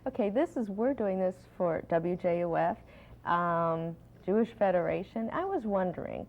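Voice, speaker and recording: Woman interviewer, quick to laugh. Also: fairly low pitch. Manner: laughing easily, brief prompts. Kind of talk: casual interview chat. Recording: dull lo-fi old TV recording.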